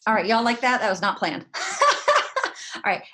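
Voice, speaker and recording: A woman, talking in a folksy, direct and animated way as she gives motivational advice. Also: medium pitch, fast talker. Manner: folksy, direct, animated, says "y'all" a lot. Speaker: guest network marketing leader. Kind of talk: motivational talk.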